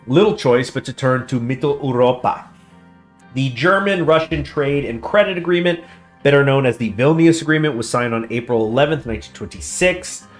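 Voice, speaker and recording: A man hosting a strategy game let's play, reading game text aloud in a chatty way and stumbling over foreign names. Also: medium pitch. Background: faint guitar music.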